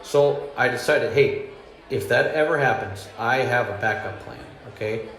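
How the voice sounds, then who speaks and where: A man's voice: medium pitch, normal speed, fairly bright tone, faint music behind. A man doing a meandering, self-deprecating stand-up routine, chuckling at his own jokes as he rambles. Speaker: stand-up comedian. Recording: echoey room with faint hum.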